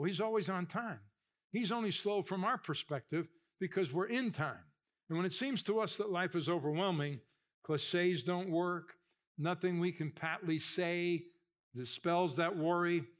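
A pastor preaching a sermon with animated storytelling, acting out voices and getting louder for emphasis. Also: male voice. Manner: animated storytelling, acts out voices, rises in pitch and volume for emphasis.

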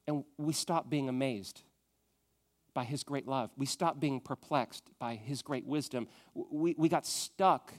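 A man preaching a sermon, moving from loud emphatic questions to a soft, hushed tone. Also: a little high. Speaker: pastor.

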